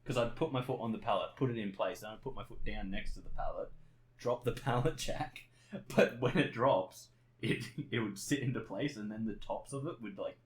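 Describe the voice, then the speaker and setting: A man's voice: fairly low pitch, fairly quick. A young man chatting on a podcast, telling stories animatedly, swearing freely and laughing along as he talks. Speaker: podcast co-host. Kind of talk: casual chat.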